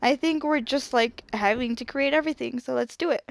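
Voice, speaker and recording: High-voiced woman casually playing a game. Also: fairly quick, gravelly, no echo. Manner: offhand, reads choices aloud to herself. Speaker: gameplay streamer. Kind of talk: casual gameplay commentary.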